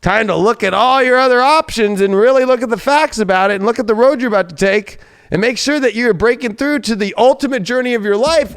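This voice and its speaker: A man hosting a tarot reading in a casual, excitable and profane way. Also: high voice, clean tone. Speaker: tarot reader host.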